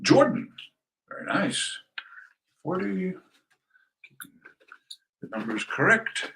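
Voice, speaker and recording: An older man chatting casually on a livestream while signing prints, playful and animated as he reads out names. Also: mid-range voice, brisk, a little hiss or hum, poor audio.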